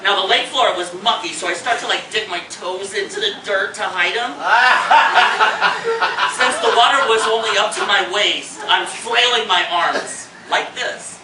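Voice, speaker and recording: A man's voice: high-pitched, measured pace, recorded from a distance. A man from Indiana performing a comic one-man storytelling show, acting out his panic with shrieked lines. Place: theater stage with a live audience. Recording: roomy hall, mic from afar, noisy.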